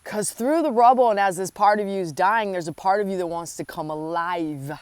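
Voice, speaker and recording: A woman's voice: mid-range voice, fairly quick, a little mellow, clear, resonant tone, no echo. A woman giving an inspirational spiritual talk, speaking earnestly and affectionately to the listener and repeating phrases for emphasis. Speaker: spiritual coach.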